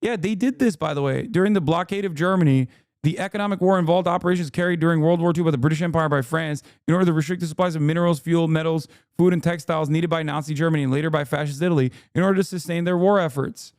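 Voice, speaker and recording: A man streaming live, ranting angrily and sarcastically with lots of swearing, his voice going hoarse. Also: on the high side, fast talker, a little mellow, no room sound, studio quality. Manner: angry, swearing, sarcastic rants. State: losing his voice. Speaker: streamer reacting to a video. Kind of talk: heated livestream commentary.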